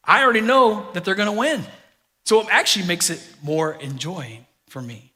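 Bright-voiced male pastor preaching in a hall. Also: high-pitched, moderate pace. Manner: conversational storytelling, dynamic swings from loud to hushed. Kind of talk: sermon. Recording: reverberant hall.

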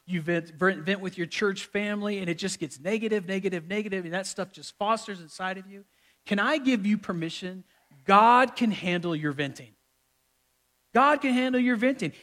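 Male pastor, high-pitched voice, conversational humorous sermon delivery in a church. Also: fairly bright tone. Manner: conversational, humorous preaching with repetitions. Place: church sanctuary with live audience.

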